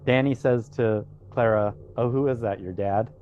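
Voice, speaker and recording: A man co-hosting a podcast, reading a plot recap and chatting casually, with relaxed "um" and "you know" asides. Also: mid-range voice, normal speed, muffled recording, a little hiss or hum. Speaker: podcast co-host.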